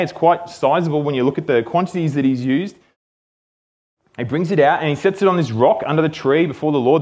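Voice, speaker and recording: A man teaching a Bible passage in a relaxed, conversational way, often checking in with "okay?". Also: a little high. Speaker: preacher.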